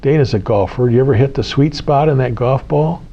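A man's voice: mid-range voice, brisk, warm tone, a little hiss or hum. A man, a spiritual teacher talking casually to a small group, repeating key phrases and asking his listeners questions. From United States. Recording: slightly dull lo-fi recording.

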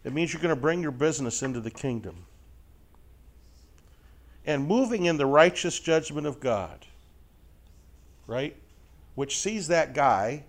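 A middle-aged Bible teacher leads a live group through a conversational sermon, folksy and lively, joking with listeners and constantly checking in with rhetorical questions and tags. His voice is on the high side, a little slow, with frequent pauses.

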